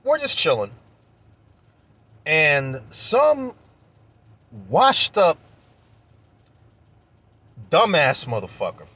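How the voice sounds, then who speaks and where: Young man, vlog rant, husky and forceful, profane and fired up. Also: fairly high pitch, huge pitch swings, drawn-out words, long pauses, no echo. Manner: heated, profane, repeats himself when worked up. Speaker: vlogger. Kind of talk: casual storytelling rant.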